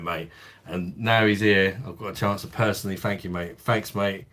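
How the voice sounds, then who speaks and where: A man's voice: sits low, steady tone, normal speed, fairly bright tone. A man hosting a live stream, chatting casually with viewers, blunt and laughing often. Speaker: livestream host.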